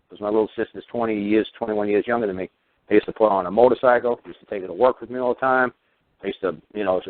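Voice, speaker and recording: A man's voice: on the low side, no room sound. A middle-aged man rants heatedly on a radio call-in, swearing hard and hammering each point. His voice comes through a thin, tinny phone line with a dry, close sound. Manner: profane, emphatic, heated ranting. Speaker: radio talk show host. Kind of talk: casual radio talk rant.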